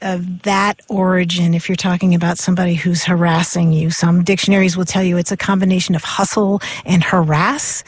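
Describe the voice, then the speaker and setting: A woman's voice: fairly low pitch, little pitch movement, brisk, hardly any pauses, husky, no room sound. A woman co-hosting a radio show about language, playful, laughing often as she explains where words come from. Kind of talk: relaxed radio talk show chat. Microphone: studio microphone.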